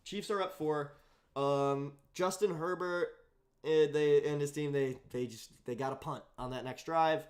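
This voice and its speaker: Young male host, slightly higher pitch, loose and easygoing, casual sports banter. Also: steady tone, a little slow. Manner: easygoing, laughs often, hesitant fillers.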